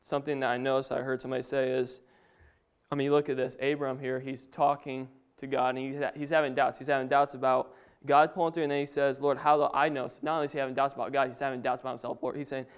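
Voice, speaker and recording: A man's voice: medium pitch, level tone, fast talker, clean tone. A young man giving an informal Bible talk to his family, a little nervous, with casual asides and chuckles. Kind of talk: informal sermon.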